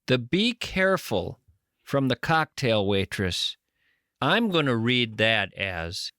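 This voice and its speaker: A male podcast host, measured and reflective, retelling a guest's story. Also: medium pitch, very animated, bright, forceful tone, no room sound, clean studio sound. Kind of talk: interview commentary.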